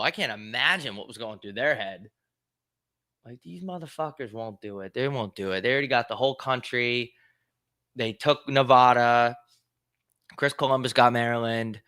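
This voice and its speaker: Crude rambling man, bright voice. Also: medium pitch, no room sound, clean studio sound. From United States. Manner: crude, rambling, profane, laughs often. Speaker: podcast host. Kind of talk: casual solo commentary, reading aloud and riffing.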